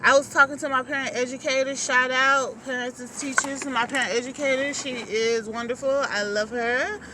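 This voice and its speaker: A woman's voice: high voice, steady tone, normal speed. A woman on maternity leave chatting candidly in slangy, laughing casual talk from her car. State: new mother on maternity leave. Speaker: vlogger. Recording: distant mic, road noise. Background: car and road noise.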